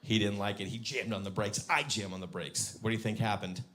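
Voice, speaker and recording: A man doing a stand-up comedy set, telling a story in a dry, deadpan way that breaks into sudden shouting. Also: lowish voice, brisk. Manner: deadpan, then shouting bursts. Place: comedy stage.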